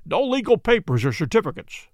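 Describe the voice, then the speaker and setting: A man's voice: sits high, sing-song, brisk, no echo, pitched above the performer's own voice. A man reading the part of a cool, languid detective with dry, clipped remarks. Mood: probing.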